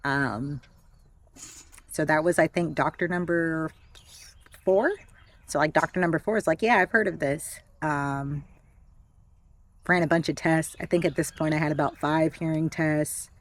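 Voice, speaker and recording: Low-voiced woman in her thirties, chatty. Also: steady tone, measured pace, pauses often, dry recording. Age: 30s. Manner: candid, chatty, with frequent fillers and soft laughs. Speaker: vlogger. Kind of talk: casual personal storytelling. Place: backyard with chickens.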